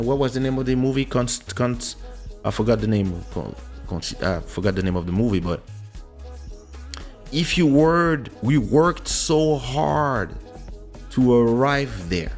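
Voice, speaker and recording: A man's voice: normal speed, soft background music. A man hosting a podcast in casual chat, talking animatedly and acting out the people he quotes. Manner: animated, acts out quoted people with big pitch jumps. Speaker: podcast host.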